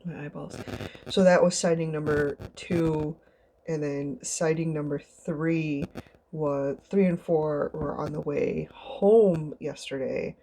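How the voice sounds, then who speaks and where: Low gravelly-voiced woman vlogging. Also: fairly even intonation, slow pace, dark tone, slight background noise. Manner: chatty, rambling, acts out others in high squeals. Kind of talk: casual storytelling vlog.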